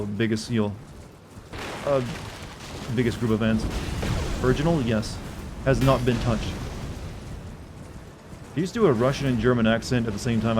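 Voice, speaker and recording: Male game streamer, mid pitch, loose rambling delivery with self-corrections, faint game music underneath. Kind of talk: casual live gameplay commentary.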